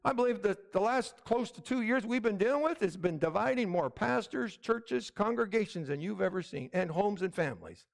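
A middle-aged male pastor delivers an emphatic sermon in a very high voice. His pitch swings widely and stays lively, and he keeps asking the room for an "Amen?". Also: normal speed, creaky, few pauses. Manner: emphatic preaching, repeated calls of "Amen?".

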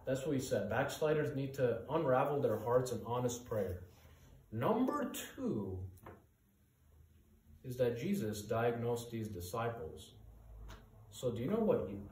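A male pastor delivers an earnest sermon, pressing his points with urgent rhetorical questions. His voice sits at a middle pitch and rings through a reverberant church room. He stands some way from the microphone, and a faint room hum runs underneath. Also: warm tone, far from the mic. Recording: echoey room, voice from off-mic.

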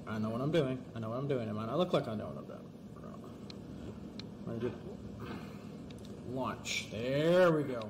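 A man giving let's-play commentary, talking fast and excitably and pleading and yelling at the game. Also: mid-range voice, noisy background. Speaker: gamer.

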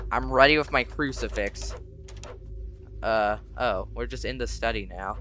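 A man's voice: medium pitch, a little hiss or hum. Jumpy young man playing a horror game. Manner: jumpy, chatty, prone to sudden shouts. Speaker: gamer. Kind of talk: casual gameplay commentary.

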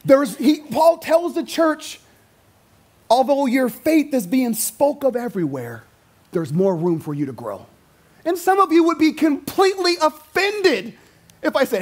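A man's voice: extremely high pitch, a little slow. A male pastor preaching a sermon to his congregation, acting out quoted voices as he goes. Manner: animated, acts out quotes in voices. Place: church sanctuary.

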